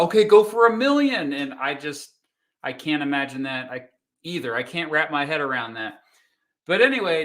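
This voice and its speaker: A man in his thirties from Kansas hosting a relaxed livestream, joking and chatting while he eats pizza. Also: medium pitch. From Kansas, United States. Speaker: YouTube host. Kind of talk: casual livestream chat.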